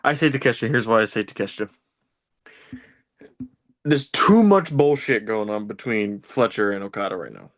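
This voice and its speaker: A man's voice: fairly low pitch, lively intonation, normal speed, pauses often, a bit bright, no room sound. A man co-hosting a podcast in casual wrestling chat, blunt and laughing often, swearing freely. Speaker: podcast co-host.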